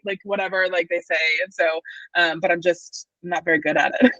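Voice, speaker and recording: A woman with a Southern US accent chatting as a podcast guest, talking fast and loose with lots of fillers and laughs. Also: lowish voice, a bit bright, no room sound, muffled recording. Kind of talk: casual podcast chat.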